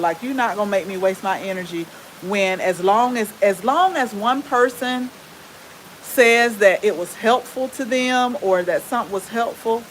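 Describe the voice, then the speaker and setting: A woman with a Southern US accent and a relaxed drawl, chatting casually with viewers as the host of a gardening channel. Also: medium pitch, slight background noise, poor audio. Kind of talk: casual live-stream chat with viewers.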